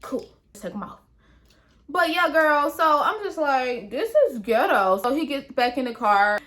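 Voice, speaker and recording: Young woman vlogger, high voice, lively and slangy, chatty storyteller. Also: unhurried. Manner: animated, slangy, addresses viewers as honey and y'all. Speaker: YouTuber. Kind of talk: story time vlog.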